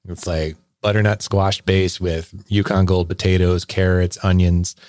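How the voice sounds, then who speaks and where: A podcast co-host spins a long, easygoing story, rambling and laughing with plenty of fillers. His voice is low and mellow, with little pitch movement and an unhurried pace, recorded with no room sound.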